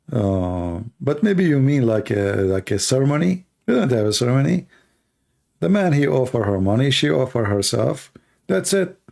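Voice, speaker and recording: A man hosting a debate livestream in non-native English, hoarse and coughing as he argues through rhetorical questions. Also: mid-range voice, sing-song, a little slow, long pauses, darkish tone. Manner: argumentative, fires rhetorical questions. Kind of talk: live stream Q&A monologue.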